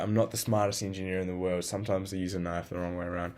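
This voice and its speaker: Guy ranting at himself in a diary vlog, kinda low voice, lots of swearing. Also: flat delivery, racing, a little mellow. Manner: scolds himself in the second person; blunt and profane. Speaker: video journal keeper. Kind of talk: casual self-talk journal.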